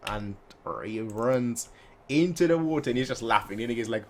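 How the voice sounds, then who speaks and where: A man hosts a relaxed manga read-along, cracking jokes and dropping in sound effects between lines. His voice sits at a middling male pitch. He keeps an easy, conversational pace. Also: moderate pace. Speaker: manga reaction host.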